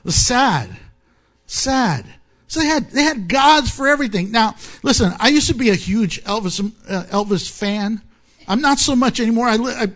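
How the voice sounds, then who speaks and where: A man preaching a sermon, animated and joking, often laughing at his own asides. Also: high-pitched. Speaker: pastor.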